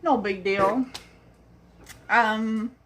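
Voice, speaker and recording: This young woman's fairly high voice holds a steady tone, and she draws out her words over a little hiss or hum. She rambles through a personal story on her vlog, acting out the people she quotes.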